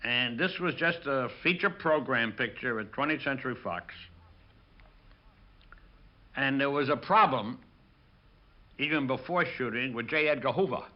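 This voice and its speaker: An older man, a film director, recalls his career in an interview, telling lively stories and acting out the lines of the people in them. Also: mid-range voice, unhurried, long pauses, lo-fi sound. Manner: lively storyteller acting out quotes. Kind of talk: interview recollection.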